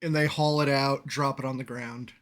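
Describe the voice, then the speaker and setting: A man's voice: mid-range voice, steady tone, moderate pace, fairly bright tone. A man narrating as game master of a tabletop game, chatty and laughing often as he describes the scene.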